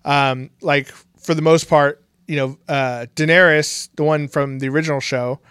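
A man's voice: steady tone, moderate pace, a bit bright, smooth, no echo, studio quality. A man co-hosting a podcast, casually recapping a TV series with lots of fillers and restarts. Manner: rambling, many fillers and restarts, breaks into mocking high voices for quotes. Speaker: podcast co-host.

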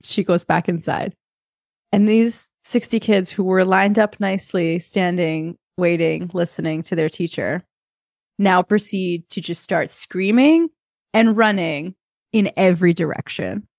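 Woman in her 30s, podcast co-host, storytelling all animated, acting out voices, dry close sound. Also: on the low side, unhurried, no echo. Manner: animated storyteller, acts out kids and herself. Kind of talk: casual storytelling chat.

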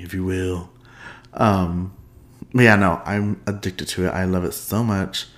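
A man's voice: fairly even intonation, unhurried, fairly bright tone. Bubbly, chatty man hosting a podcast. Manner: bubbly and chatty, laughs often, big pitch swings for playful asides. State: sleepy at the end of a long day. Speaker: podcast host. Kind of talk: unscripted solo podcast chat.

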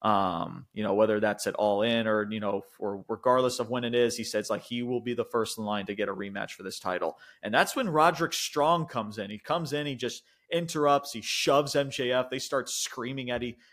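A young man co-hosts a podcast, his medium-pitched voice brisk and rarely pausing. He gives an animated, rambling recap of events, swearing, using filler words, and laughing frequently.

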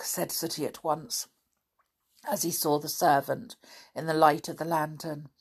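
Slow low-voiced woman reading a story. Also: steady tone, husky. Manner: unhurried, stops to correct own slips. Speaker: storybook reader. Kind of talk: reading a children's novel aloud.

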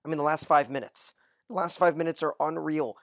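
Guy breaking down a tv episode on a podcast, kinda high voice, dead dry audio. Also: a little fast, dry recording. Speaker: podcast co-host. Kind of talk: casual TV recap chat.

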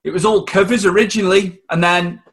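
Bright, high-voiced chatty man. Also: brisk. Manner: relaxed, chatty, swapping fan memories. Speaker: podcast host. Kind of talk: casual chat.

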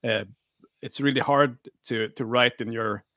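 A man's voice: medium pitch, steady tone, measured pace, pushed and bright, no echo, clean studio sound. A Swedish man with a Swedish accent, a singer being interviewed, wry and self-deprecating. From Sweden. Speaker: guest musician, singer. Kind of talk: casual interview chat.

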